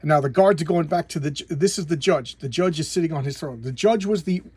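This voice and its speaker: A man's voice: on the high side, fast talker, darkish tone, slightly rough, no echo. A man casually recapping a comic book plot, rambling with many restarts and repeated words.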